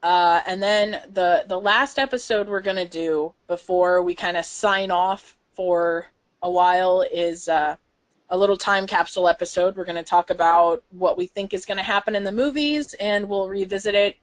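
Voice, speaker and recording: A young woman co-hosting a podcast in casual chat. She talks in an excitable, rambling way, leaning on fillers as she goes. Her voice sits at an ordinary middle pitch. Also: moderate pace. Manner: excitable, chatty, frequent fillers. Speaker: podcast co-host.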